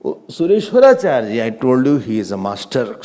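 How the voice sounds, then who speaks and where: Guy teaching a scripture class, lively up and down voice, mellow tone, repeats stuff for emphasis. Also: mid-range voice, a little fast. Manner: patient, repeats points for emphasis. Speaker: Vedanta teacher.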